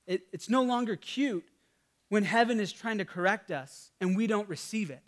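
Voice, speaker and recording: A man in his thirties preaches a sermon with a notably high voice for a man. He talks in a relaxed, conversational way, weaving in a family story and stumbling over small restarts and fillers. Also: moderate pace. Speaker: pastor.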